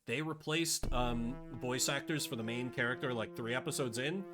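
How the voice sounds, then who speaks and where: A man's voice: medium pitch, normal speed. A man chatting casually and rambling as he streams a game live. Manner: chatty, rambling, self-deprecating. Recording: game music behind.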